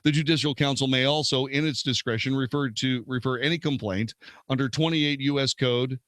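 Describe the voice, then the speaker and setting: A man's voice: medium pitch, fairly bright tone, dry recording. A man hosting a show, reading legal texts aloud and commenting, stumbling and correcting himself now and then. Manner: reads steadily, stumbling and correcting himself at times. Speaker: host.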